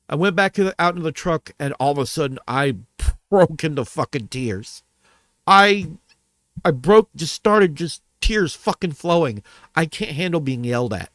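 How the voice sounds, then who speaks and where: A man's voice: on the high side, lively intonation, moderate pace, fairly bright tone, dry recording. A man venting to his camera about a bad restaurant visit, heated and profane, repeating himself as he goes. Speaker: vlogger. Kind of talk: angry rant to camera.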